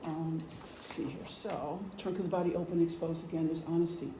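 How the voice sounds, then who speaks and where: A middle-aged man presents informally to a group in a meeting room, speaking fairly quickly with a flat delivery in a voice that's a little high. He's conversational, using examples and many ums. The recording has echo and a faint hum.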